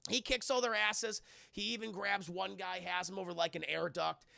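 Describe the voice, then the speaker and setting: A man giving a casual, profane livestream film review, excitable and often talking to his chat while acting out characters in loud voices. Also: sits high, normal speed, vocal fry, dry recording, studio quality.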